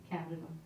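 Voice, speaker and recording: Young woman doing awkward deadpan stand-up, slow and drawn out, far from the mic in an echoey noisy club. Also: on the low side. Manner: deadpan, awkward, self-deprecating. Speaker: stand-up comic. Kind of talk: stand-up comedy set. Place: comedy club stage with audience.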